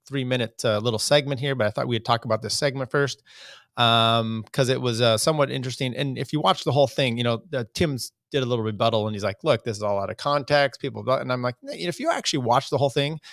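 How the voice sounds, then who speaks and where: A podcast host with a medium-pitched, fairly bright voice offers casual, rambling commentary with a wry edge, full of fillers and restarts. The studio-quality recording has no echo.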